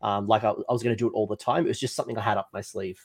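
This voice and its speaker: A man's voice: fairly low pitch, fairly even intonation, very fast. A man co-hosting a casual gaming podcast, chatty and self-mocking as he grumbles about his dice luck. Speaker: podcast co-host.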